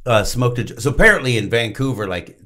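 A male podcast host talks in casual chat with a lively, swinging pitch. He is blunt and emphatic, and his swearing is steady and unguarded. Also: fast talker.

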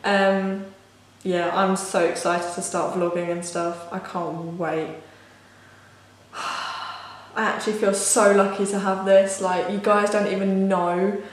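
A woman's voice: mid-range voice, slow pace. Gushing young woman in an echoey room. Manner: excitable and gushing, many "like" fillers. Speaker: vlogger. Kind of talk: casual unboxing vlog. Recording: very echoey room, faint hiss.

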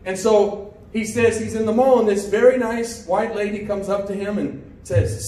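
A pastor telling a story during a sermon, full of restarts and questions to the congregation. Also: male voice, sits high, moderate pace, warm tone. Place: church sanctuary. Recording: roomy church sound from a distance.

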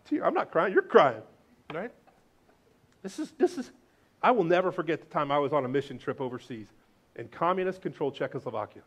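Male pastor, sermon, fairly high voice, animated and jokey, loud then hushed. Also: normal speed, pauses often. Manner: animated, joking, swings between loud and hushed. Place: church sanctuary.

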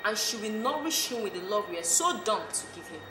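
A woman's voice: medium pitch, lively intonation, fairly quick, lightly acted. A woman playing a blunt, scolding friend. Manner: scolding, sarcastic. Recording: roomy, distant, music underneath.

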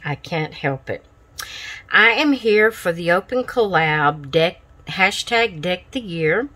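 A woman hosting a casual craft vlog, tired and chatting in an unhurried, rambling way. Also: fairly low pitch, expressive, bright, forceful tone. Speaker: craft channel host.

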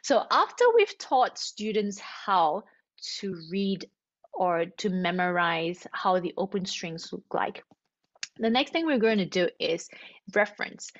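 A woman's voice: mid-range voice, dry recording, lo-fi sound. A woman string teacher explaining note reading step by step, asking and answering her own questions in a chatty way. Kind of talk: instructional explanation.

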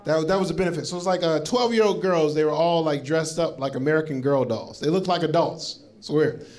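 A male stand-up comedian from Florida, with a somewhat high voice and a slightly fast pace, tells a story on a comedy club stage. He animatedly acts out what people said and adds laughing asides, and the live recording picks up audience laughter.

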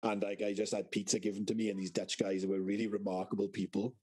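A man's voice: lowish voice, flat delivery, fast talker, dark tone, slightly rough, low-quality recording. A British man co-hosting a podcast, telling rambling stories in casual chat and swearing a lot. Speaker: podcast co-host.

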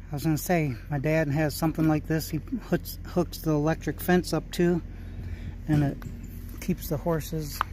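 Walking around an outdoor equipment auction yard, the host of a small-engine flipping channel muses aloud and chats casually. His voice is fairly high and a touch mellow, with faint noise in the background.

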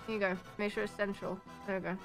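A woman's voice: medium pitch, level tone, fast, faint music behind. A young woman in her twenties chatting casually on a charity livestream, bubbly and self-mocking, laughing often. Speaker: streamer hosting a charity stream.

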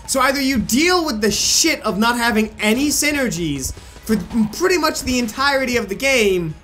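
A man's voice: extremely high pitch, lively intonation, moderate pace. Frustrated swearing gamer man. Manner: frustrated, swearing, outbursts of yelling. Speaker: gaming video creator. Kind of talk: casual let's play commentary. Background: game music.

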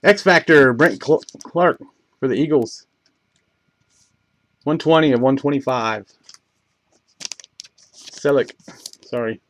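A man hosting a live trading card break, reading off each pull in quick succession, tripping over names now and then. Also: mid-range voice, dry recording, poor audio. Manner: rapid list-reading, stumbles over names; bursts of excitement on big pulls.

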